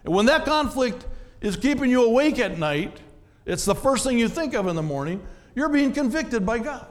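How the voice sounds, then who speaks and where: A man's voice: extremely high pitch, very animated, moderate pace, big-room sound. A man, a pastor, preaching a sermon in a conversational way, often asking the congregation questions.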